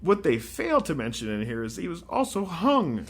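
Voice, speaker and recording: An animated man co-hosting a history podcast, his pitch swinging up and down as he reads out facts. He breaks in with jokes and asides as he goes, in a relaxed conversational way. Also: normal speed, breathy edge. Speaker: podcast co-host. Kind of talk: casual history podcast chat.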